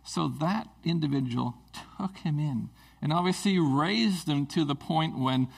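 A man's voice: a little high, measured pace, creaky, slightly rough, poor audio. A man preaching a conversational sermon in a casual, earnest way, with fillers and restarts.

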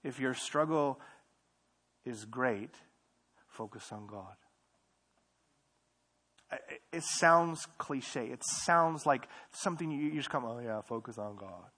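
A young man preaching a casual, conversational sermon in a church service, repeating phrases and moving between quiet asides and louder emphasis. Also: medium pitch, slow, long pauses. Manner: conversational, repeats himself, swings between soft and loud. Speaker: pastor.

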